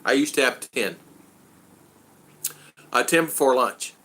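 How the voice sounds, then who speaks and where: A man in his sixties with a medium-pitched, expressive, sharp-toned voice speaks at a measured pace. He's a vlogger hosting a casual live stream from his home in the Philippines, reading viewer comments aloud and laughing often.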